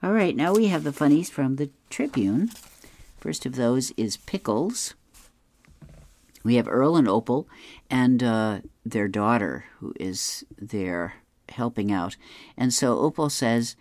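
Very deep-voiced woman reading comics aloud. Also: measured pace, a little mellow, no echo, clean studio sound. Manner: describes panels, chuckles. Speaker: reader of newspaper comics.

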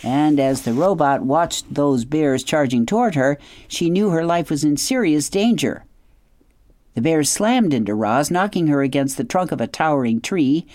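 A woman hosting a radio program, reading a children's novel aloud in an expressive, measured storytelling manner with hushed dramatic asides. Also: low-pitched, dry recording, studio quality. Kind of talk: scripted storybook narration.

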